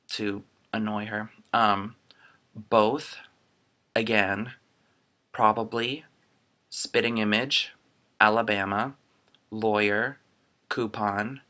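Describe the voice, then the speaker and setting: Gravelly young man on a laptop webcam. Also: on the low side, pushed and bright. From Florida. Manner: chatty, rambling, many ums. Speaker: vlogger. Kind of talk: casual dialect survey reading.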